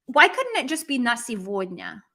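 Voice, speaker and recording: Bright-voiced woman teaching on a live stream. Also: a little high, moderate pace. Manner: lively, switches between English and Russian, chats with viewers. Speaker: language teacher. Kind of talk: live-stream language lesson.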